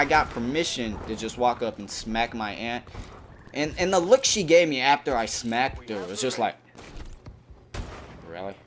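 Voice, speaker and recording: A young man hosting a gaming channel, telling a rambling, animated story over gameplay with plenty of fillers. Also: medium pitch, slight background noise.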